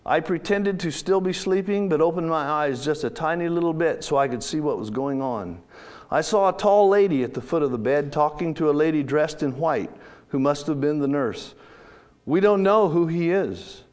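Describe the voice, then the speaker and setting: A man telling a first-person story in a church setting, reading slowly and dramatically with drawn-out pauses. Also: fairly high pitch, a little mellow.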